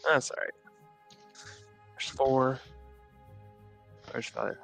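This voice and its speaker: A man's voice: medium pitch, extremely slow, gravelly, faint music behind. A man streaming a group game session, chatting casually and joking with his party. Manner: relaxed, jokey, laughs often. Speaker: streamer playing as mage. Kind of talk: casual gaming chat.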